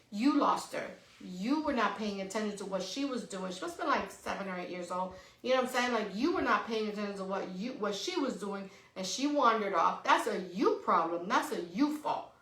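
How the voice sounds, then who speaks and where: Middle-aged woman podcast co-host, bright and slightly high voice, animated and blunt, swears a lot. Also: a little fast. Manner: animated, swears freely, says "right?" often. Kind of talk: casual storytelling chat. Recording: echoey room.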